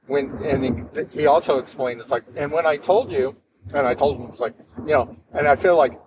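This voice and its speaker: A man's voice: medium pitch, normal speed. A man hosting a podcast, telling a story in a casual, rambling monologue, repeating himself and speaking bluntly. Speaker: podcast host. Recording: distant mic with clear background noise.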